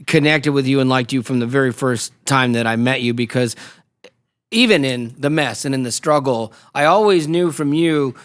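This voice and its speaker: A man's voice: medium pitch, normal speed, clear, resonant tone. A man hosting a radio show, chatting casually with a guest, emotional and self-deprecating, laughing often. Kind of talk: casual conversational interview.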